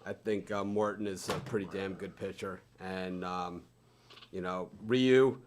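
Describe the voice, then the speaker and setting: A man's voice: low voice, fairly even intonation, measured pace, slight background noise. A man hosting a sports betting chat show, talking casually, laughing often and rambling between picks.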